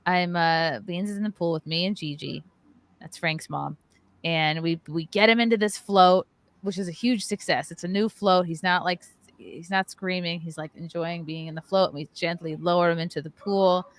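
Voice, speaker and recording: A woman's voice: fairly low pitch, steady tone, normal speed. A woman hosting a podcast, telling a story in casual chat with plenty of swearing and mocking put-on voices. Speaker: podcast host.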